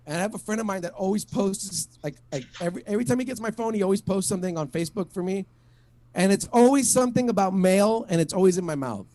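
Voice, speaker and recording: A man's voice: high voice, animated, fast talker, warm tone. A man doing a stand-up set at an online open mic, rambling and profane, full of fillers and restarts. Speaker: stand-up comic.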